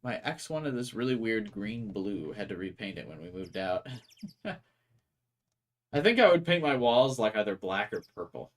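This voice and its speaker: A man's voice: on the low side, big pitch swings, a little slow. A young man casually commentating a game and chatting with viewers in a rambling way. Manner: rambling, chatty, talks to chat. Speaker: gaming streamer. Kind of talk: casual let's-play commentary.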